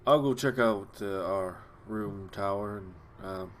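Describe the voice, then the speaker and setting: Hesitant low-voiced man playing a tabletop game. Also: a little slow, slight background noise. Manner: hesitant, many fillers. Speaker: player. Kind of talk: casual tabletop game chat.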